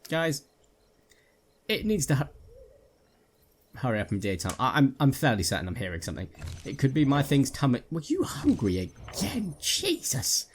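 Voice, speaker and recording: Jumpy, lively male game commentator. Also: medium pitch, moderate pace, long pauses, slight background noise. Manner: jokey, jumpy, talks to viewers while playing. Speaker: gaming video creator. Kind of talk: live gameplay commentary. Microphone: headset.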